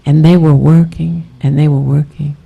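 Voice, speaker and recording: A woman's voice: low-pitched, flat delivery, moderate pace, gravelly, breathy edge, phone-quality sound. A woman telling mocking stories in a casual talk-show conversation. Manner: storytelling, mocking.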